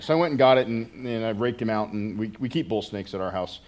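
A middle-aged American pastor preaches a casual sermon, rambling with many restarts and joking asides to his congregation. His lowish, darkish voice comes fast with hardly any pauses.

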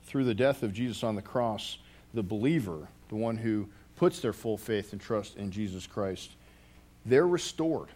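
Man, pastor, sermon, low voice, earnest storytelling, frequent restarts. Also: normal speed, a little mellow.

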